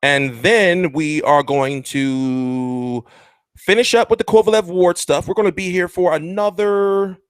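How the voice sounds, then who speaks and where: A man's voice: a little high, measured pace, smooth, no room sound, clean studio sound. A man hosting a casual boxing livestream, rambling and joking crudely as he chats. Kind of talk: casual live-stream chat.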